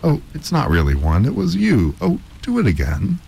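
A man voicing an excitable young woman in a high falsetto, gushing with delight. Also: normal speed, vocal fry, slight background noise, full character voice.

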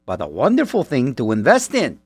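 A man's voice: mid-range voice, wildly swooping pitch, brisk, slightly rough, dry recording, clean studio sound, voice pushed down, full character voice. A man doing a goofy, dim-witted cartoon moose voice while reading an ad.

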